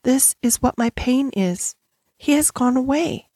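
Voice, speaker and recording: A woman's voice: high-pitched, measured pace, warm tone, breathy edge, dry recording, studio quality, pitched above the performer's own voice. A woman voicing a serious, brave and determined little girl who speaks earnestly and steadily in a storybook reading. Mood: sad.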